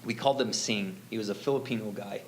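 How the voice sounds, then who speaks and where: A man telling his own story in a relaxed, rambling way, full of fillers and quoted lines. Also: lowish voice, fast talker, a little hiss or hum, low-quality recording. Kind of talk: casual storytelling.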